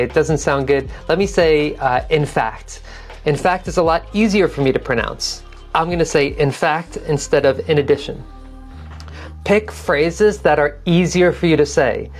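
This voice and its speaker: A woman with a deep, slightly mellow voice teaches an online TOEFL prep lesson. She's practical and encouraging, repeating key phrases to model how they should sound.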